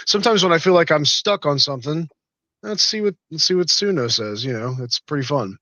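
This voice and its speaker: A man chats on a podcast in a bright, forceful voice. His pitch sits a little high. He is agreeable and quick with short affirmations. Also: lively intonation, highs cut off. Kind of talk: casual chat.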